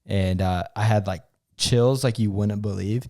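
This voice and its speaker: A young man co-hosting a podcast tells a story earnestly and emotionally in casual chat, using lots of fillers and restarts. His voice is lowish and darkish in tone, and he speaks unhurriedly.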